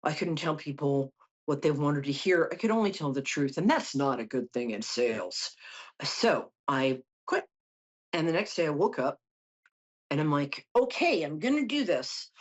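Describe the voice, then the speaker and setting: Chatty New psychic woman, husky voice. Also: low voice, animated, moderate pace, muffled recording. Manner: chatty, joking asides. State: tired from no sleep. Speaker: psychic host. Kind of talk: casual tarot reading on call-in show.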